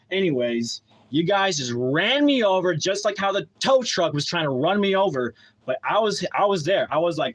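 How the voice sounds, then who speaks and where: A man telling an angry personal story, swearing heavily and getting loud when he quotes himself. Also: fairly high pitch. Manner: heated, profane, loud outbursts when quoting himself. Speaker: storyteller recounting a grievance.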